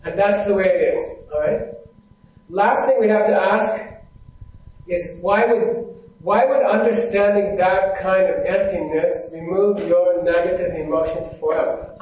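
A man's voice: high voice, steady tone, a little slow, a little mellow, far from the mic. A man giving a live Buddhist teaching to an audience from a stage, often stopping to ask questions and check that they follow. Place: hall with a stage. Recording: very echoey hall.

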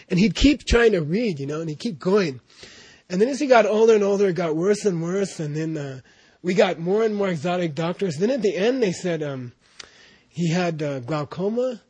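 Rambling high-voiced man, husky and dry. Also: darkish tone, dry recording. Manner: rambling, full of "you know" and restarts, laughing at times. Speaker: student recounting memories of his teacher. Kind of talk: casual storytelling talk.

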